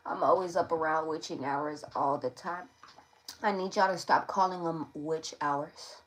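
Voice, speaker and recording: A woman's voice: deep voice, a little slow, a little hiss or hum, low-quality recording. A woman giving a casual tarot reading to camera, slangy and playful, often checking in with her listeners. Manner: slangy, playful, keeps checking in with "all right?". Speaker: tarot reader.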